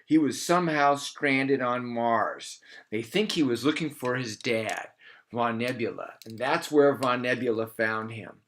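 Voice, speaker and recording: A man spinning a made-up tale for children, sounding animated and playful. He stretches out key words for drama and keeps the telling loose and homemade, with a voice of ordinary middle pitch. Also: a little hiss or hum. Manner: animated, playful, slows for emphasis. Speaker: storyteller. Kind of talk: improvised children's story.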